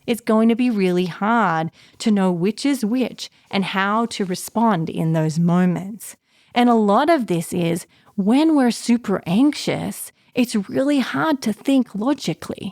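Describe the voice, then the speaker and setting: A woman hosting her own podcast as an anxiety therapist, talking fast and passionately in a casual, encouraging way. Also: medium pitch, darkish tone, dry recording, clean studio sound. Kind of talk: casual solo podcast talk.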